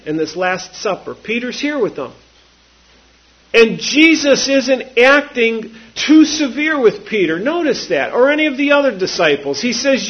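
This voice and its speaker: Male preacher, husky voice with a lively sweeping delivery, dull lo-fi recording. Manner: slow, emphatic preaching with sweeping pitch and repeated phrases. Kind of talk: sermon.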